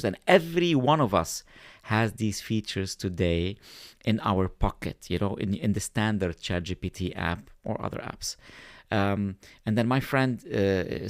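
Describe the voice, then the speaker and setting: Low-voiced man explaining as a guest. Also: no echo, studio quality. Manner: thoughtful, pauses with fillers. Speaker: podcast guest. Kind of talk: conversational explaining.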